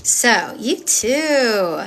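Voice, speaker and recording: A woman's voice: on the high side, very animated, very slow, fairly bright tone, soft background music. A woman giving a live-streamed tarot reading in a casual, sassy way. She swears often and repeats phrases for emphasis as she talks straight to her viewers. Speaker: tarot reader.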